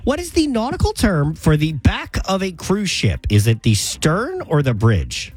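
A man's voice: a little high, huge pitch swings, measured pace, a little mellow, slightly rough, dry recording. Sick-sounding male morning radio host. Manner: upbeat quizmaster. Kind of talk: radio game show hosting.

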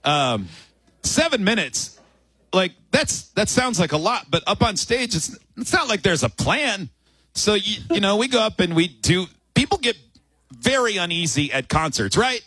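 Animated radio host with husky voice. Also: male voice, high voice, normal speed, no room sound. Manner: animated storyteller, acts out quotes. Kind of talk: morning radio banter, storytelling. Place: radio studio on location at a bar.

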